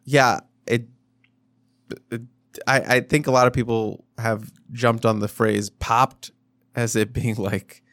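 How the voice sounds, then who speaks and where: A man's voice: medium pitch, level tone, slow pace, fairly bright tone, dry recording, clean studio sound. A man co-hosting a podcast, rambling loosely through a casual sports chat with lots of fillers and restarts. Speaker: podcast co-host.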